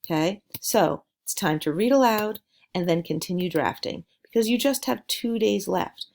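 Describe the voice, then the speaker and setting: A woman teaching a writing lesson, speaking slowly and deliberately in an encouraging way. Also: medium pitch, vocal fry, darkish tone. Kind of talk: recorded classroom lesson.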